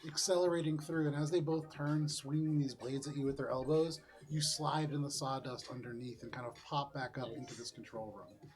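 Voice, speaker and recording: A man running a tabletop game as game master, narrating casually with frequent throat-clearing and fillers. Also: mid-range voice, fairly even intonation, fairly quick.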